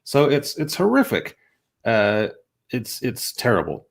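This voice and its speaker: A man on a review livestream, recapping a show in an animated, exasperated way. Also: medium pitch, a little slow, creaky. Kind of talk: casual chat.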